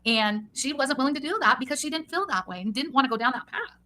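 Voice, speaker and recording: A woman's voice: sits high, lively intonation, fast talker, bright, forceful tone. A woman on a livestream chat, earnestly backing up the host's account.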